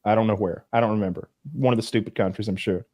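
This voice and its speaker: A man's voice: fairly low pitch, fairly even intonation, quick pace, a little mellow, dry recording, clean studio sound. A man in his thirties co-hosting a casual podcast, rambling with stumbling restarts. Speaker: podcast co-host.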